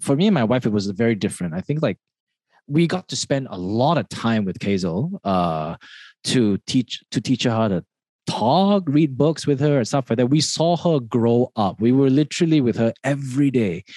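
A man's voice: mid-range voice, darkish tone, no room sound. Dry-sounding Malaysian man, rambling. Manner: rambling, many restarts, laughs often. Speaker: podcast guest. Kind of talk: casual interview chat.

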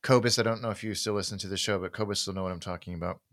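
A man's voice: fairly low pitch, fairly even intonation, racing, a bit bright, no room sound, clean studio sound. A man co-hosting a podcast, chatting casually and enthusiastically about wine in a rambling way. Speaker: podcast co-host. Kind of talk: casual chat.

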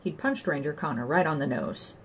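A woman reads an audiobook aloud in scripted narration, telling the story in a measured, wry way. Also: deep voice, a little hiss or hum.

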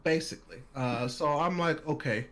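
A man casually telling a personal story on a podcast, animated, acting out other people's lines and laughing often. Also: a little high, moderate pace.

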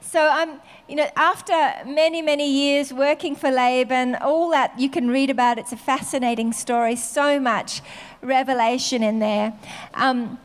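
A woman preacher giving a conversational sermon, often pausing with fillers. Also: high voice, fairly even intonation.

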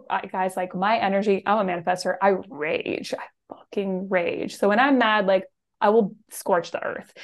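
A woman hosting a podcast, an animated storyteller who talks quickly and laughs often. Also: medium pitch. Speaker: podcast host. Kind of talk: casual podcast conversation.

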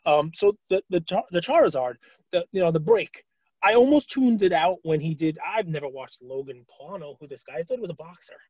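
A man co-hosting a podcast, chatting casually with lots of fillers and animated retelling. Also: on the high side, a little fast, breathy edge, no room sound, muffled recording. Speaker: podcast co-host. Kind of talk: casual chat.

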